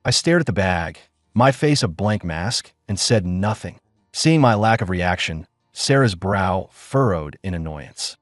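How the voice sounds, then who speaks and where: A man's voice: sits low, lively intonation, measured pace, no room sound, clean studio sound, soft background music. A man narrating a first-person audiobook drama in a weary, bitter tone.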